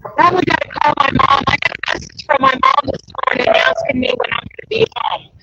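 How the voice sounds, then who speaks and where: A woman hosting a casual livestream chat as a crochet pattern designer, chatty and excitable. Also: high-pitched, a little fast, dull audio, heavy background noise. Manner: chatty and excitable, exclaims often.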